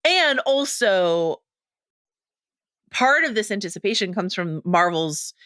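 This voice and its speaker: A woman's voice: medium pitch, sing-song, slow, a bit bright, smooth, no echo, clean studio sound. A woman co-hosting a casual pop-culture podcast, playful and wordy with many fillers and rambling asides. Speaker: podcast co-host.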